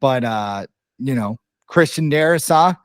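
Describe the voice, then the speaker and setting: A man co-hosting a casual sports podcast, rambling and excitable, stumbling over names and coughing now and then. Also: medium pitch, a little slow, no room sound. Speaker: podcast co-host.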